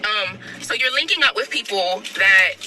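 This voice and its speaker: A woman in a played interview clip, speaking at a medium pitch. She talks in a halting, hesitant way and restarts her sentences often. Loud music runs under her voice. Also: animated, low-quality recording. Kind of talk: candid interview talk.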